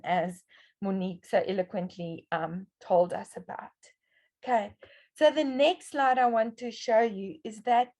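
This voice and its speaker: A woman's voice: a little high, darkish tone. A middle-aged woman presenting a webinar lesson on children's reading. She explains step by step and often checks in with "okay".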